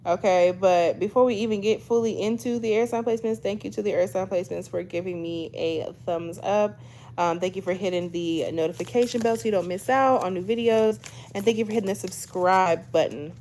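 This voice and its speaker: A woman's voice: medium pitch, a little fast, darkish tone, slight background noise. A woman doing a casual tarot reading to camera, chatty, often tagging lines with "okay?" and addressing viewers as "y'all". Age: 20s. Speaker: tarot reader.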